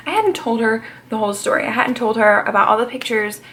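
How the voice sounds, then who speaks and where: A woman in her twenties recounts a story to her camera in a loose, conversational vlog style. Her voice sits a little high and has a lot of vocal fry. She talks freely and drops swear words along the way. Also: fast, fairly bright tone, slight background noise. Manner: chatty, swears freely and laughs between lines. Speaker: vlogger.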